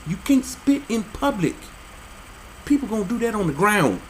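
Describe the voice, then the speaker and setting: A man reading out odd laws and commenting on them, with an animated, incredulous and joking manner. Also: high-pitched, moderate pace, a little hiss or hum, poor audio. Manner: animated, incredulous, jokey asides. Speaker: religious commentator.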